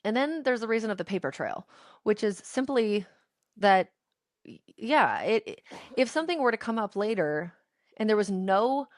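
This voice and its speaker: A woman in her thirties co-hosting a podcast, talking in an emphatic, opinionated, animated way. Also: mid-range voice, normal speed, no room sound, studio quality. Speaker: podcast co-host. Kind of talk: casual chat.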